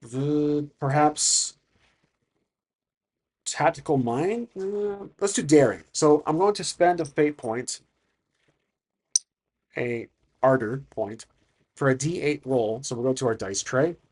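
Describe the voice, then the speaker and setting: A man's voice: on the high side, expressive, takes it slowly, long pauses, darkish tone. A man narrating a solo tabletop game, thinking aloud and hesitant, with frequent restarts.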